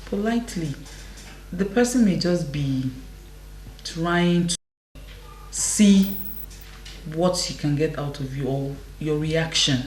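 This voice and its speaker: Female panel guest, very low pitch, emphatic and repetitive, roomy echo. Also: lively intonation, takes it slowly, pauses often, darkish tone. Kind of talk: faith-based panel discussion. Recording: echoey room.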